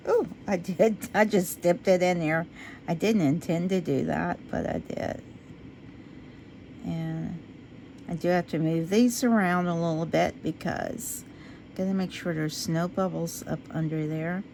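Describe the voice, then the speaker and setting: A woman chatting casually to her viewers as she works on a craft project. She talks to herself while she works and drifts into low, quiet talk when she concentrates. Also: measured pace, gravelly, a little hiss or hum. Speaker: resin craft vlogger.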